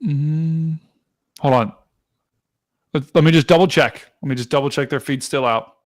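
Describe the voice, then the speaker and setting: An excitable man hosts a live weather stream, talking straight to his chat as he walks through radar scans. His voice sits a little higher than most men's, and his delivery is casual and chatty. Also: normal speed. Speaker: livestream weather host. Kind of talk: live storm-tracking stream commentary.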